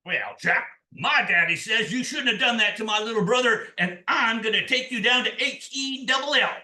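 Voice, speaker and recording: A man voicing a medium-sized demon who blusters loudly and shouts, in a told folk tale. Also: very high-pitched, moderate pace, echoey room, recorded from a distance, voice pushed up, heavily acted. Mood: threatening. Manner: loud, blustering, shouts when caught.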